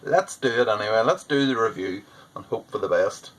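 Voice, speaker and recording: This homebrewer has a lowish, animated voice and talks fairly quickly, rambling and joking at his own expense as he chats through his vlog. The rough recording carries a little hiss or hum.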